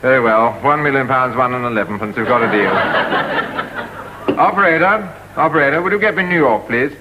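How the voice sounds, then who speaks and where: An actor playing a remote, phone-obsessed upper-class English father in a 1960s TV sketch, clipped and brisk. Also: mid-range voice, expressive, very noisy, natural voice. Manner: brisk, clipped, distracted businessman.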